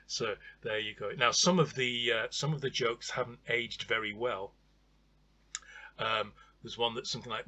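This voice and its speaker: Chatty husky man reviewing a record. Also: medium pitch, steady tone, normal speed, sharp tone. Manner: chatty, wry, full of ums and uhs.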